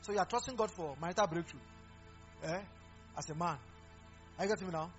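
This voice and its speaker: A man preaching a lively sermon, mixing Pidgin into his exhortations and laughing often. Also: high voice, quick pace. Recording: dull lo-fi recording with faint music.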